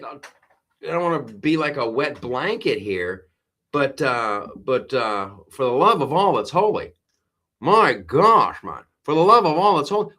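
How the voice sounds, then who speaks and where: On a laid-back live stream, a male host delivers political commentary in a rambling, exasperated way, often halting and restarting sentences and pausing to read comments from chat. His voice is ordinary in pitch, mid-range, with a fairly bright tone.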